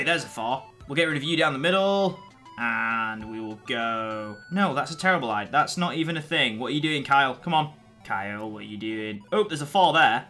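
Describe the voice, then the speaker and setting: A young man giving chatty, self-mocking commentary over a mobile game, getting excitable when rushed. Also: medium pitch. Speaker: gaming channel host.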